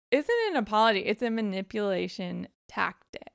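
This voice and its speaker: A woman's voice: medium pitch, expressive, normal speed, vocal fry, few pauses, no room sound, clean studio sound. A woman giving casual, direct advice and counting off numbered points in a frank way.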